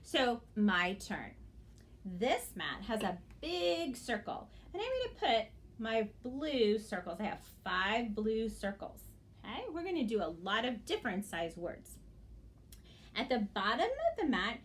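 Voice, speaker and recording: A woman teacher giving a phonics lesson to young children, stretching words out slowly and checking in with a gentle "okay?" after each step. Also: fairly high pitch. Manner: slow, exaggerated, sing-song teacher talk to young children.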